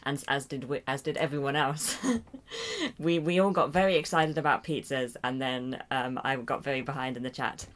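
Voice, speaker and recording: A woman with an English accent and a low, deep-set voice chats casually on a home livestream. She rambles and hesitates, tosses in fillers and little self-deprecating chuckles. She sounds close to a desk mic at her computer. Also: animated, moderate pace. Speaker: livestream host. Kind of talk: casual live chat reading viewer comments. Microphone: desk mic near a loud keyboard.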